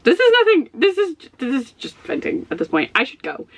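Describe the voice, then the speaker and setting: A woman's voice: high voice, huge pitch swings, fairly quick, fairly bright tone. A stressed woman rambling to her camera in a casual book vlog. She talks in loose, self-deprecating asides, breaking into small laughs as she goes, recorded in her own office. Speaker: book vlogger.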